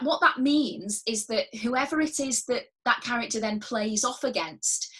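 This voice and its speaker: A woman leading a drama workshop, giving clear, patient, step-by-step instructions and often repeating key words. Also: fairly high pitch, a bit bright. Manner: encouraging and reassuring toward learners at home. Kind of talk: recorded instructional drama lesson.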